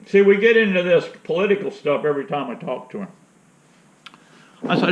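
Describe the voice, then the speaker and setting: A man with a fairly high voice tells a rambling, blunt story. He talks casually and retells whole conversations. The recording is roomy and dull. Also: a little fast. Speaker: outdoor channel host.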